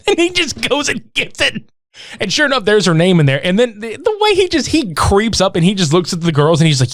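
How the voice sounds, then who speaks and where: A man co-hosts a movie podcast, telling scenes with a lively voice that swings up and down and sits a bit high. The sound is dry and close. He swears freely and slips into the characters' lines as he goes. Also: brisk, no echo. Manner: animated storytelling, heavy swearing, acts out quotes. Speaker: podcast co-host. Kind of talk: casual chat, movie recap.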